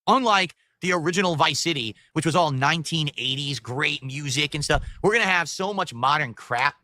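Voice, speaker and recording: A man recapping a game trailer for his channel in a bright, tense voice. The sound is close and dry, and he delivers his takes matter-of-factly with dismissive asides. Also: a little high, brisk, dry recording. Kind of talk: video game news recap.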